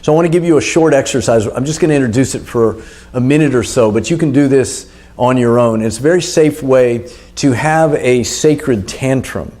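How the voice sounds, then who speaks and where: A man's voice: medium pitch, moderate pace, dark tone. A middle-aged man teaching a guided anger exercise, coaching and urging the listener on.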